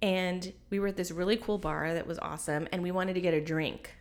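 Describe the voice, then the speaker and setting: A woman in her forties hosting a podcast, telling a story to friends in a casual chat. She is animated, laughs often and fills her talk with "like". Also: lowish voice, brisk. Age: 40s. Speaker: podcast host.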